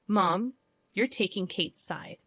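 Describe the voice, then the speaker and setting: A woman voicing a scheming, pushy older mother-in-law with an unusually high, wheedling voice. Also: takes it slowly, a bit bright, no room sound. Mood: aggrieved.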